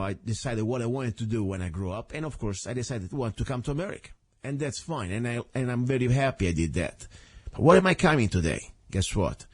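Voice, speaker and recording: Animated Italian-accented radio host. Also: male voice, on the low side, slightly rough, dry recording. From Italy. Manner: animated, rambling, non-native phrasing. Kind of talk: talk radio monologue and interview.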